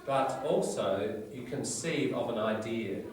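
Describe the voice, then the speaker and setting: A man's voice: medium pitch, slow, recorded from a distance. Man teaching vocabulary in an echoey classroom. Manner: explains word by word, with tag questions. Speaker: English teacher.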